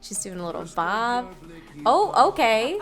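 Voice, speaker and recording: A woman's voice: fairly high pitch, very animated, unhurried. A woman hosting a let's play, chatting casually as she narrates her game with fillers and small laughs. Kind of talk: casual gameplay commentary. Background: game music.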